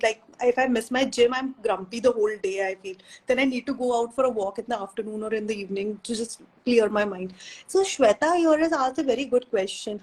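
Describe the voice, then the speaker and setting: A woman's voice: a little high, darkish tone, poor audio. A woman chatting on a parenting live stream, giving earnest advice and slipping in Hindi phrases. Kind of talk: casual live chat.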